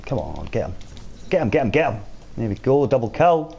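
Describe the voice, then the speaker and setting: A man's voice: mid-range voice, very animated, brisk, creaky, darkish tone, breathy edge. A man streaming a shooter game live, chatting casually with viewers and reading out their comments while he plays. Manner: chatty, reads and answers viewer chat while playing. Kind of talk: casual live-stream chat over gameplay.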